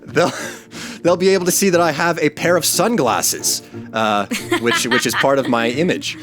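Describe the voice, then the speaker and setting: A man's voice: fairly high pitch, normal speed, fairly bright tone. A man from the United States chatting casually while playing a video game, rambling and hesitant. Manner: rambling, hesitant with many fillers. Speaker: video game channel co-host. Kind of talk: casual gaming chat. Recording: faint music in the background.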